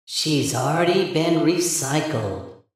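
A man voicing an eerie, childlike masked girl creature with a soft, hushed voice. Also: fairly high pitch, animated, takes it slowly, very echoey, voice pushed up.

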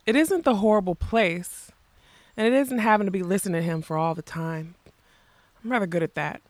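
A woman voicing a weary middle-aged male magician who speaks slowly and quietly, reading a storybook aloud in a dry room. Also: mid-range voice, dry recording, close to an everyday voice. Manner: slow, quiet, tired.

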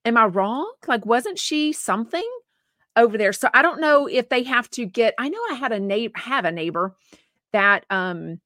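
Woman co-host, bright chatty delivery, close dry sound, reads viewer comments. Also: fairly high pitch, lively intonation, moderate pace, no echo. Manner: chatty, rambling, sympathetic. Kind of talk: casual chat reading viewer comments.

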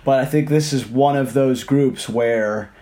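Mid-pitched male co-host, animated and chatty, casual football podcast. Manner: animated, quick to correct pronunciation. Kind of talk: casual sports chat.

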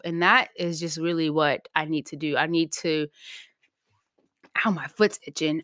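Casting note: woman podcast host, somewhat low voice, loose, chatty delivery, dry close-mic sound. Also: fairly bright tone, smooth, dry recording. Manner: chatty, laughs easily, lots of "like" and "um". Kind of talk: casual solo podcast chat.

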